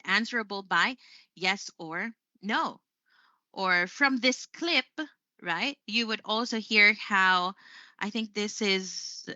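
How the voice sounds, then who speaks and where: Woman from the Philippines, English teacher, chatty, unhurried, bright tone, dry slightly muffled sound. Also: mid-range voice, no room sound. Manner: chatty, with frequent fillers and self-corrections. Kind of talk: online English lesson.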